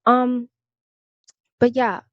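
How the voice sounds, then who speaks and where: A woman's voice: on the high side, flat delivery, extremely slow, no echo, dull audio. Heated, sarcastic young woman ranting. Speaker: commentary vlogger. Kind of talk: ranting commentary to camera.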